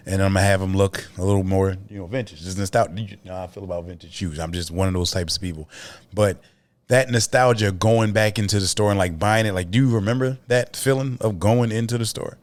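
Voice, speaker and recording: A man, co-hosting a podcast in casual chat, telling animated stories with profanity and lots of repeats. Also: low voice, fast. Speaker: podcast co-host.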